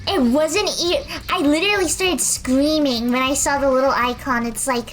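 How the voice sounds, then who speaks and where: A woman's voice: high-pitched, normal speed, hardly any pauses. A woman streamer chatting casually while she paints, rambling and self-deprecating.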